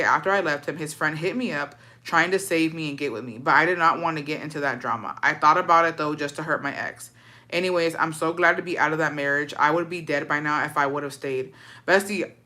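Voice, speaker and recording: A woman's voice: low-pitched, bright, forceful tone. A woman host chatting casually and reading viewer stories aloud, slangy and swearing freely. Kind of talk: casual chat and story reading.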